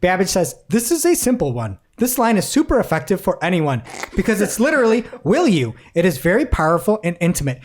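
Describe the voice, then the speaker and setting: Animated woman, lower voice. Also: brisk, hardly any pauses, slight background noise. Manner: animated, laughs often, reads quotes aloud. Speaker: podcast co-host. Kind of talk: casual news chat.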